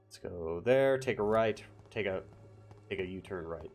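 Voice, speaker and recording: Gravelly, animated male game streamer. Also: deep voice, a little slow, soft background music. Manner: animated, swears and yells lines at game enemies. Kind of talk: live game streaming commentary.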